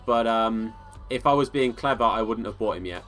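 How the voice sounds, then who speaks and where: A man's voice: fairly low pitch, moderate pace, a bit bright, faint music behind. An English man live-streaming a football video game, commenting on play and answering viewers in a casual, friendly way, calling them bro and mate. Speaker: gaming streamer.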